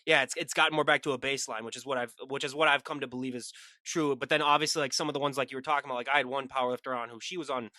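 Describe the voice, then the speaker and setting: A man hosting a podcast, chatting in an animated way and telling quick anecdotes. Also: medium pitch, dry recording, clean studio sound. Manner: rapid, chatty, animated storytelling. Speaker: podcast host. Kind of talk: casual interview talk.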